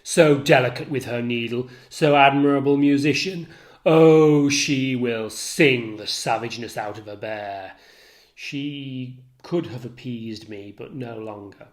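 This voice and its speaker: A tutor reading the lines of a jealous, enraged man from a play, loud and anguished, swinging from shouts to hush. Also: medium pitch, measured pace, close to an everyday voice. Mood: raging grief.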